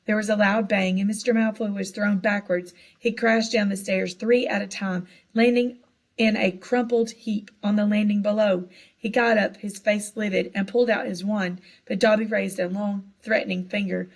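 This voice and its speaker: A woman narrating a children's novel with a lively, expressive reading. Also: medium pitch, normal speed. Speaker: audiobook narrator. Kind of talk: storybook narration.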